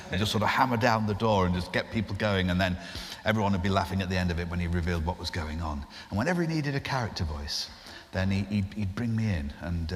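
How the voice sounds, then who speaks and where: A man, a guest impressionist, telling an animated anecdote on a festival stage in front of an audience. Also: on the low side. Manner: animated storyteller, restarts. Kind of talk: live podcast anecdote. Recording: live hall reverb with faint noise.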